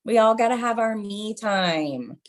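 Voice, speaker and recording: A stand-up comedian in her thirties speaks a little slowly in an animated, medium-pitched voice. Her chatty set leans on self-mocking mom jokes, and she often turns to the audience with "you guys."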